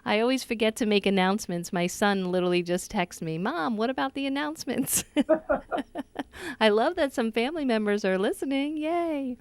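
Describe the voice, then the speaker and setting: An upbeat woman with a New York accent hosts a call-in radio show and chats easily with guests. Her voice is smooth and clear, close to a studio mic in a dry, dead room. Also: on the high side, moderate pace, no echo. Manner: chatty, upbeat, laughs easily. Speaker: radio talk show host. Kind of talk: casual radio chat.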